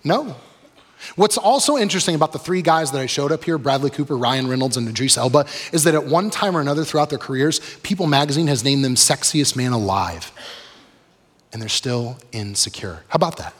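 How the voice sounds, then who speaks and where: A man preaching a sermon in a relaxed, conversational way, often asking the audience questions. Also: mid-range voice, brisk, slightly rough. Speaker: pastor. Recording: long reverb of a large hall.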